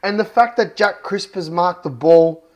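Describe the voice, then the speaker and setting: Australian male fan vlogger, high-pitched, fired up, swears, emphatic ranting review. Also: a little slow. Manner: worked up, swears often, punchy and emphatic. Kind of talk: heated match review rant.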